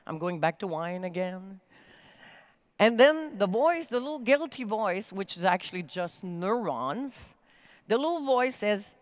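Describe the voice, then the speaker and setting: A woman giving a motivational talk from a conference main stage, energetic and emphatic, with big swings in pitch. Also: unhurried, no room sound. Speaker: keynote speaker.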